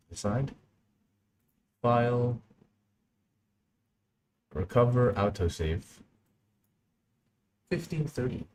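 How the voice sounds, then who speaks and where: Low-voiced young man muttering through a live stream. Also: background noise. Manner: muttering, thinking aloud while working. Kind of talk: casual live-stream commentary.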